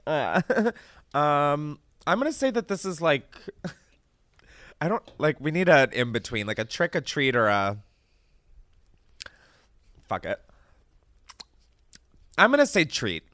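Man, podcast host, casual chat, swears a lot, very animated pitch, close and dry. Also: dry recording. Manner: animated and chatty, swears freely, laughs often. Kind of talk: casual chat, candy taste test.

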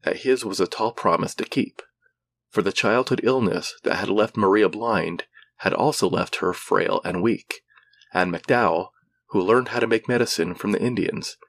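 A man narrating a regional ghost legend in a measured, somber storytelling style. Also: fairly low pitch, gravelly, a bit bright.

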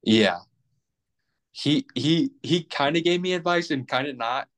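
A man's voice: a little high, animated, unhurried. A young man in his twenties, a podcast guest rambling casually with plenty of fillers and restarts. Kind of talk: casual chat.

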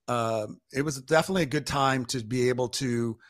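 An older man, a photographer guest, chatting casually and telling stories in an animated, teasing way. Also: medium pitch, a little fast. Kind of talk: casual interview chat.

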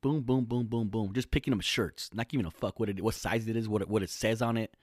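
A man ranting casually to camera, swearing heavily in fast slangy talk that swings into loud outbursts. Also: lowish voice, no room sound, studio quality. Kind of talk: casual profane rant to camera.

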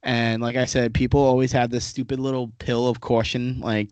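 A man's voice: medium pitch, level tone, moderate pace, a little mellow, no echo, dull audio. A man hosting a podcast, chatting casually in a joking, teasing way with some swearing, close to a studio microphone. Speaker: podcast host.

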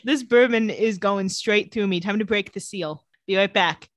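With a mid-range voice at a moderate pace, a woman recaps a TV episode on the podcast she co-hosts, acting out the characters in playful voices. It's a casual chat with no echo.

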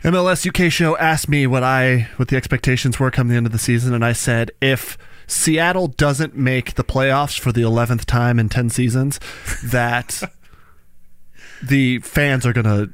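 A man's voice: medium pitch, unhurried, smooth, no echo. A man co-hosting a casual sports podcast, joking and playful. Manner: jokey, playful, slips into a mock broadcast voice. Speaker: podcast co-host.

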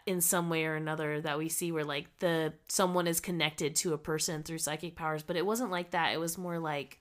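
A woman co-hosting a casual podcast, rambling and giggly as she talks it through. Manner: rambling and giggly, quoting with big jumps up in pitch. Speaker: podcast co-host. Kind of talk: casual chat.

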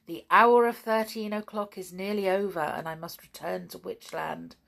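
A woman's voice: mid-range voice, steady tone, normal speed, gravelly, fairly bright tone. A woman voicing a kindly, cheerful witch who speaks in a grand, sing-song way. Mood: fond farewell.

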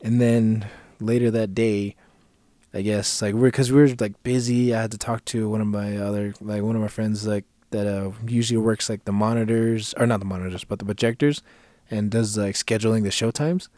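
A man's voice: on the low side, steady tone, normal speed, warm tone, no echo. A man co-hosting a podcast, telling a story in casual profane chat and acting out the people he quotes in a raised voice. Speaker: podcast co-host.

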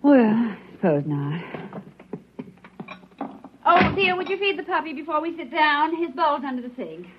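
An actress playing a gentle, fretful young mother in a 1940s radio drama, on a lo-fi old recording. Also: sits high, very animated, moderate pace, pauses often, noisy background. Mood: alarmed. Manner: soothing, fretful.

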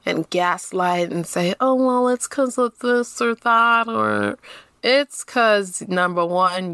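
A woman co-hosting a podcast, reacting to a TV episode in animated, blunt and slangy casual chat. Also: lowish voice, creaky, no echo. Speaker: podcast co-host.

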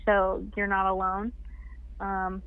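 A woman's voice: mid-range voice, completely flat delivery, slow pace, clear, resonant tone, no room sound. A woman chatting casually as a podcast guest, laughing often and filling her talk with "like". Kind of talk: casual interview chat. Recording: tinny phone line.

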